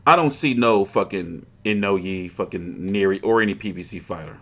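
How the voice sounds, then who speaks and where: A man's voice: low voice, normal speed. A man hosting a boxing livestream, chatting casually in a rambling, profane, frustrated way.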